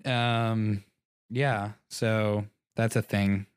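A young man with a fairly low voice rambles through a story, chuckling and mimicking the people in it. The sound is dry and close to the mic, with no room around him. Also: level tone, drawn-out words, clear, resonant tone, no room sound. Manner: rambling storytelling, acts out both sides of conversations, laughs often. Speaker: podcast co-host. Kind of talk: casual chat.

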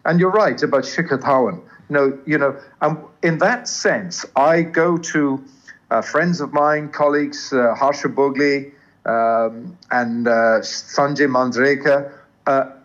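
An older man, a cricket commentator, talking earnestly in an interview, with a smooth English accent carrying traces of Southern African and many restarts. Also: mid-range voice, takes it slowly, a bit bright, dull audio. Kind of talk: interview conversation.

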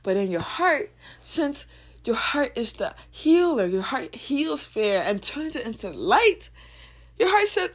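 A woman of twenty-one talking unscripted on her podcast about heart and spirit, casual and swearing, swinging from low musing to loud laughing bursts. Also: big pitch swings, slow.

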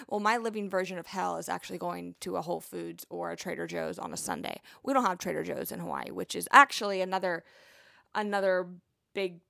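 A woman's voice: on the low side, creaky, sharp tone, no echo, studio quality. A young woman hosting a podcast, a nurse chatting casually with a rambling, playful manner and lots of asides. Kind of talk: casual chat.

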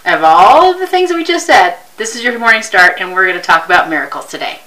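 A woman's voice: medium pitch, big pitch swings, quick pace. A woman co-hosting a morning talk show, upbeat and encouraging. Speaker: co-host. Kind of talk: casual chat. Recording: bright voice in an echoey room, distant mic.

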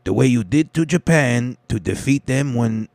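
Man doing a boastful threatening leader, higher pitch, slow mocking drawl, turned off-mic. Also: lively intonation, gravelly, a little mellow, dry recording. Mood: mock menacing.

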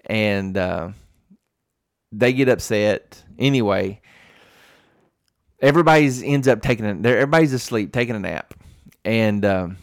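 Low-voiced man telling a rambling story. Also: animated, moderate pace, long pauses, dry recording. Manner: rambling storyteller, many restarts and fillers. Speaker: podcast co-host. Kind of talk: casual chat.

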